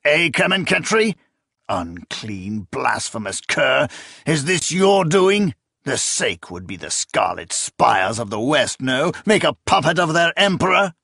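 A man voicing a volatile, suspicious emperor who shouts shrill accusations. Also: very animated, measured pace, gravelly, husky, dry recording, clean studio sound, exaggerated voice. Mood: furious.

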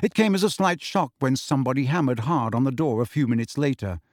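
A man narrating a novel as an audiobook, expressive and giving each character a voice. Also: mid-range voice, fast talker, dry recording, clean studio sound. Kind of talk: scripted storybook narration.

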